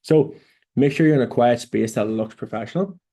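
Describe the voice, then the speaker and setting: A man's voice: medium pitch, normal speed, dark tone. A young Irish man coaching beginners in a casual, blunt monologue, swearing freely and tagging lines with "right?". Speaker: online business coach. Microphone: phone or camera mic in a room.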